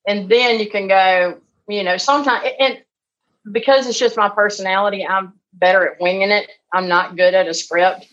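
A woman, a guest on a business podcast, talking in a chatty, animated way and acting out phone calls. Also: medium pitch, moderate pace, dull audio. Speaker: real estate investor guest. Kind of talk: conversational interview.

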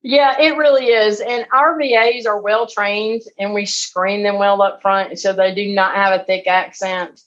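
A woman's voice: medium pitch, measured pace, few pauses, highs cut off. Chatty woman explaining her process. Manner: chatty, animated, acts out phone calls. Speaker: real estate investor guest. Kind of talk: conversational interview.

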